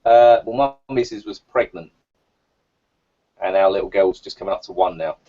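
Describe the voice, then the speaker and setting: Young man, co-host, low voice, mellow tone, dull lo-fi sound. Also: moderate pace. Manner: relaxed, rambling with fillers. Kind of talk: casual live-stream chat. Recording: dull lo-fi stream audio.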